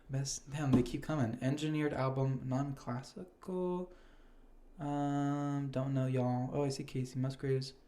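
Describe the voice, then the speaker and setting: A man's voice: medium pitch, fairly even intonation, mellow. A young man hosting a casual podcast, reading award nominations aloud and swearing freely in loose chat. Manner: casual, swears freely, reads names slowly. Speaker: podcast host.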